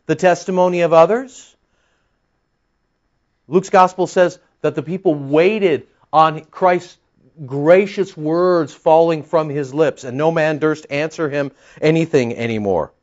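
A man preaching verse by verse, pressing his points with rhetorical questions and pointed retorts. His voice sits a little high for a man. The recording is dull and lo-fi. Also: unhurried. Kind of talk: expository Bible-teaching sermon.

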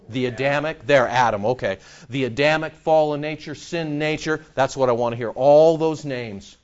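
A man preaching a sermon as pastor, animated and sarcastic, firing rhetorical questions at the congregation. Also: medium pitch, moderate pace, lo-fi sound.

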